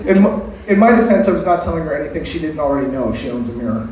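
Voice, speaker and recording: Brief: male open-mic comic, slightly high voice, crude self-mocking jokes, recorded from far back with faint room hum. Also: very fast, mellow, very echoey. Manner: crude, self-deprecating punchlines. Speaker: stand-up comedian. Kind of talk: open-mic stand-up set. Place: open mic night venue.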